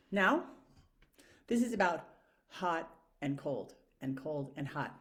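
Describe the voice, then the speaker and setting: A woman's voice: low voice, sing-song, slow pace. A woman talking casually to camera in a frank, profane, rambling way, full of fillers. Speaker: vlogger.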